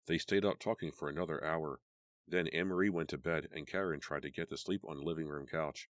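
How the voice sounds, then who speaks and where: A man narrating an audiobook in a measured storytelling manner. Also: a bass voice, steady tone, no room sound, studio quality. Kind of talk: scripted narration.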